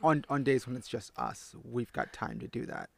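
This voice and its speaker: Man, gravelly voice, podcast co-host, mid pitch, animated, plays out quotes. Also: moderate pace, no echo. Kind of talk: casual parenting chat.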